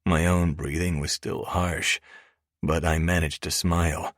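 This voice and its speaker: A man narrating a romance audiobook in first person, deep and gravelly, with an even, steady reading. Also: unhurried, no room sound, clean studio sound.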